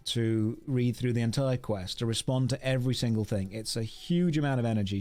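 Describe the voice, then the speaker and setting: A man's voice: mid-range voice, darkish tone. Chatty, wry male streamer. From United Kingdom. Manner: chatty, rambling, thanks viewers, wry self-mocking. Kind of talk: casual live-stream chat while gaming.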